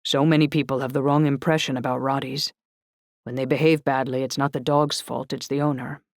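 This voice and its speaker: A woman's voice: rumbling low, flat delivery, a little fast, no echo, clean studio sound. A woman doing a wry, cool burly guard. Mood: chatty.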